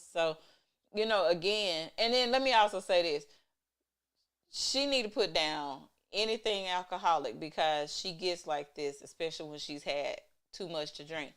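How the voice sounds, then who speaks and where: A woman's voice: lowish voice, moderate pace, a bit bright, smooth. A woman hosting a casual show recap, chatty and exasperated as she retells scenes, talking on a webcam. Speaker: show recap host, intimacy coach.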